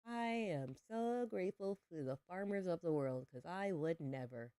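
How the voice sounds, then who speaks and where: A woman's voice: on the low side, lively intonation, moderate pace, mellow, clean tone, no room sound, studio quality. A young adult woman streaming a farming game, chatting playfully with her viewers. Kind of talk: casual livestream chat while gaming.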